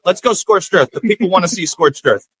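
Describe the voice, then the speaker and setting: A man's voice: lively intonation, brisk, a bit bright, breathy edge, dry recording, low-quality recording. A male comedian telling a story in an interview, theatrical, acting out the voices of other people. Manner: theatrical, acts out voices with big pitch jumps. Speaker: comedian and impersonator guest.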